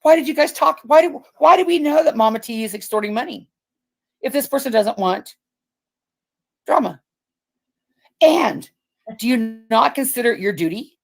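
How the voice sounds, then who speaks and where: A woman's voice: on the high side, lively intonation, moderate pace, vocal fry, pauses often. Blunt, profane woman ranting. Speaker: livestream host. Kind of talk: casual ranting livestream chat.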